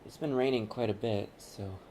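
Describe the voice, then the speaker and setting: A man's voice: lowish voice, normal speed, mellow, a little hiss or hum. A young man talking to his own camera on a college campus in a casual, rambling monologue, often repeating and correcting himself as he goes. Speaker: vlogger.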